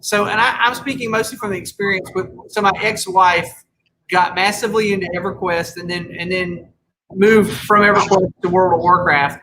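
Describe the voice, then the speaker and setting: Wry storytelling man, bright voice. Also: sits high, steady tone, moderate pace, slight background noise, rough recording. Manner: storytelling, wry, acts out quoted dialogue. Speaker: podcast host. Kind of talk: casual chat.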